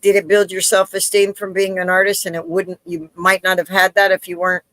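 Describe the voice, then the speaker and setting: A woman hosting a live interview, telling stories in an animated way and acting out the voices of the people in them. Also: mid-range voice, fairly quick, no echo. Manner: animated storyteller, acts out quoted voices. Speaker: interview host. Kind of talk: casual live interview chat.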